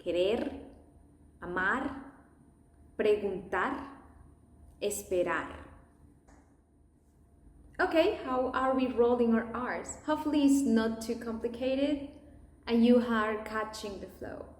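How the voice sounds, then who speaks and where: A woman teaching pronunciation, modelling words one at a time and deliberately exaggerating sounds so learners can repeat them. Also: on the high side, animated, roomy sound. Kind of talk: pronunciation lesson, listen and repeat.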